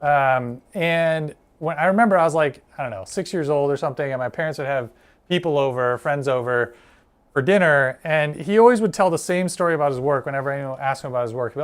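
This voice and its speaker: A man's voice: on the high side, quick pace, clean tone. A man from Michigan co-hosting a livestream, telling family stories with many hesitations. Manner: hesitant storytelling with fillers. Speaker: co-host. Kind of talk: casual livestream chat.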